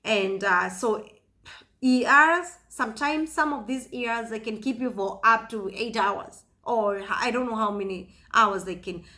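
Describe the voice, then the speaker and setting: A woman in her thirties living in the US, telling a personal story in a halting way with many fillers and restarts. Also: on the high side, bright, forceful tone. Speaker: vlogger.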